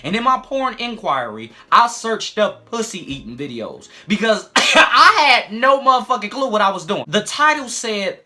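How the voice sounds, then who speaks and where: A man in his twenties telling a crude, profanity-heavy personal story in a casual, animated vlog style with frequent asides. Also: high voice, normal speed, few pauses. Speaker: storytime YouTuber.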